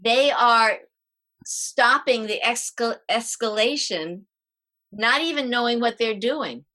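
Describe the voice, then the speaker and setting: A middle-aged woman, a parenting coach, explaining calming techniques as a podcast guest in a lively way and acting out the steps. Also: fairly high pitch, slow pace. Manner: lively, demonstrating exercises as she explains.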